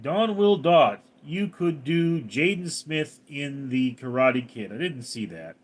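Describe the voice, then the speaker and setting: A man's voice: on the high side, slow. A man hosting a casual livestream, reading out commenters' names and chatting back to them. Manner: reads commenter names then answers, animated.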